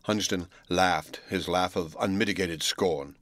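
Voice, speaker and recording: A man with a fairly low voice reads a classic novel aloud. His storytelling is measured and even, recorded close and dry with no room sound. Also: no echo. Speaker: audiobook narrator.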